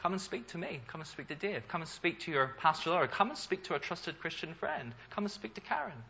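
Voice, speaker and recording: Earnest bright-toned male preacher. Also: a little high, sing-song, fast, creaky, slightly rough, lo-fi sound. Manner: earnest, rises in force for emphasis, asks rhetorical questions. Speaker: pastor. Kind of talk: sermon.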